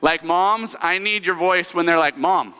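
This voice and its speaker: A pastor with a high voice preaches in a church sanctuary, telling the story with humor and leading the congregation in call-and-response recaps. His intonation is fairly even and his speed normal, the tone pushed, bright, clear and resonant, with church hall reverb.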